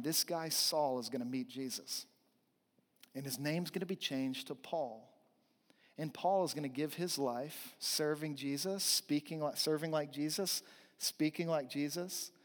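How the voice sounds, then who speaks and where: Male pastor, sermon delivery, earnest, repeats for emphasis; slightly high voice, long hall reverb. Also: measured pace. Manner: earnest preaching with emphatic repetition.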